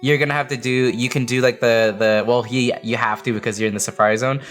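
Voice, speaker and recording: A man's voice: medium pitch, fairly even intonation, fast talker, a bit bright, faint music behind. A man narrating as game master, explaining rules with many fillers and restarts.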